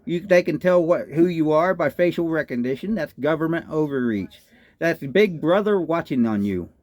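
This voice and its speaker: A man's voice: a little high, lively intonation, moderate pace, darkish tone, no echo. A man with a Texan accent ranting in a political commentary, indignant and firing off repeated rhetorical questions. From Texas. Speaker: political vlogger.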